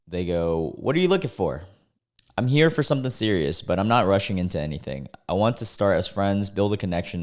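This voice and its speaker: A man in his twenties from the United States, reading dating app posts aloud and reacting in a casual, amused way, laughing often and trailing off mid-thought. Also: on the low side. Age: 20s.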